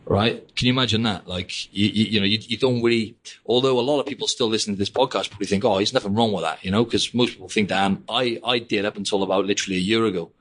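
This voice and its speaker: Brief: young male podcast host, rapid casual rambling, slightly low voice. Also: fairly even intonation, fairly bright tone. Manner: rambling, peppers speech with "mate" and "like". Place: living in Australia.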